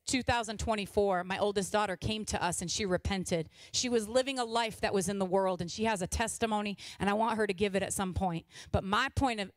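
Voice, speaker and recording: A woman in her forties, a pastor's wife, preaching a sermon with impassioned exhortation that swings between loud urging and hushed confession. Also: medium pitch, dry recording.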